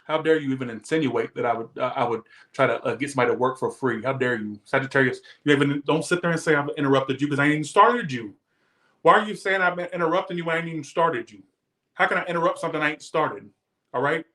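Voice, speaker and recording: Man, tarot reader, casual emphatic rant, defensive, slightly high voice. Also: fast, bright, forceful tone, reverberant. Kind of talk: casual monologue to viewers.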